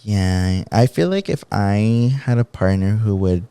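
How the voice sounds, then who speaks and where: A man's voice: on the low side, expressive, measured pace, warm tone, clear, resonant tone, no echo. A man co-hosting a podcast, chatting casually in a blunt, laid-back way and swearing freely. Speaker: podcast co-host. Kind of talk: casual chat.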